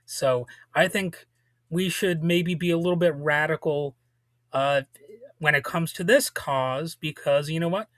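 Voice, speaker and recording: A man's voice: a little high, fairly even intonation, unhurried, fairly bright tone, no room sound. Blunt, casual man with a slightly strained voice. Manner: casual, blunt, with frequent restarts and swearing. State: losing his voice a little. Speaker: podcast host. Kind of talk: casual political commentary.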